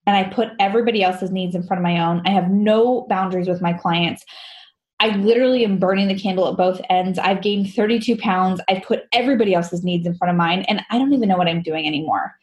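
A woman's voice: medium pitch, fast talker. Woman telling a candid personal story. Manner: animated, laughs often, acts out quoted dialogue. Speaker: guest.

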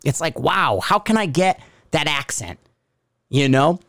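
A man's voice: a little high, lively intonation, unhurried, creaky, fairly bright tone, no echo, studio quality. A middle-aged man from Connecticut with a Northeastern US accent, hosting a podcast in a profane, sarcastic, rambling rant. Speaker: podcast host. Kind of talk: ranting podcast monologue.

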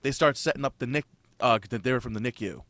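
A man's voice: mid-range voice, quick pace, a bit bright, no echo, studio quality. A young man in casual chat, telling a story in a rambling way, swearing freely and acting out his own reactions. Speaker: new father telling a birth story.

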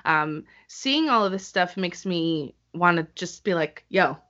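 A woman co-hosting a casual podcast chat, an animated storyteller who acts out the voices she quotes. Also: lowish voice, measured pace. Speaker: podcast co-host. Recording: slightly dull lo-fi audio.

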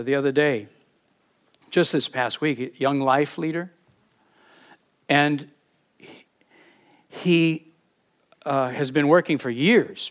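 Speaking on the high side, a man delivers a sermon as a pastor with sincerity and deep feeling. He frequently repeats himself as he gropes for words, shifting from forceful emphasis down to a near-whisper.

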